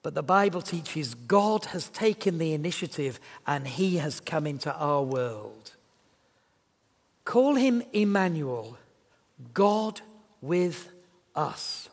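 A man preaching a sermon in a church, telling a story with lively emphasis. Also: a little high, in a large hall.

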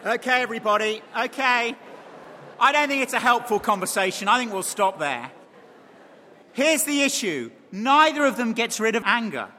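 A man preaching an animated sermon, speaking directly to the congregation. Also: extremely high pitch, normal speed, a little hiss or hum. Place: large church. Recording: long hall reverb.

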